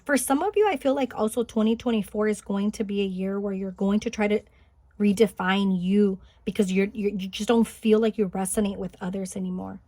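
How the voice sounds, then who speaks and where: A woman giving a spiritual pick-a-card reading, gentle and encouraging, thinking aloud with small restarts. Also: medium pitch, fairly quick, no room sound. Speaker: tarot card reader. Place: home, Highland Park, California.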